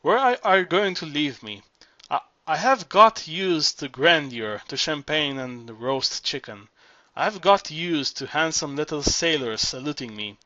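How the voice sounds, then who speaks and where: A man's voice: on the high side, lively intonation, measured pace, sharp tone, no room sound, muffled recording. A man putting on a vain aging cabaret singer. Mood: boastful. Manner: boastful and theatrical storytelling. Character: aging former cabaret singer, vain, flirtatious, self-pitying woman.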